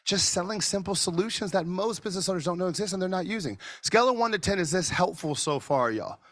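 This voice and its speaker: A man presenting a marketing masterclass over a video call, animated and sometimes nearly shouting for emphasis. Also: high-pitched, fast talker, no room sound, studio quality. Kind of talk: energetic webinar teaching. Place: office studio.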